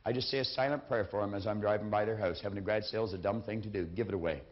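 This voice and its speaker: A man's voice: on the low side, steady tone, racing. Emphatic man lecturing, dull lo-fi sound. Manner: emphatic, repeats key phrases. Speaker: seminar speaker. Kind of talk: motivational lecture. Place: lecture stage with a lectern. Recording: dull lo-fi recording.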